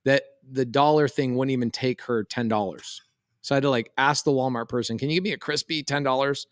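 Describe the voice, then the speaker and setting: Dad telling an animated story. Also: male voice, mid-range voice, fairly quick, no echo, studio quality. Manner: animated, quotes voices in a story. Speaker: podcast co-host. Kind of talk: casual storytelling chat.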